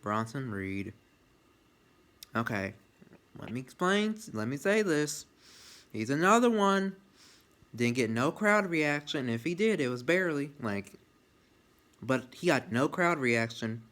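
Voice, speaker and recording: Man, casual review talk, excitable, restarts a lot, profane, medium pitch. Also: unhurried, pauses often. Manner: excitable, rambling, swears freely, restarts often. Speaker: wrestling show reviewer.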